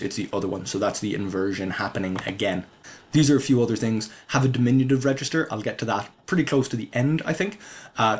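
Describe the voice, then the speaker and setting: Man explaining a constructed language. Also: medium pitch. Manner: relaxed, thinking aloud with fillers and restarts. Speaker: conlang presenter. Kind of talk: casual explanatory voice-over.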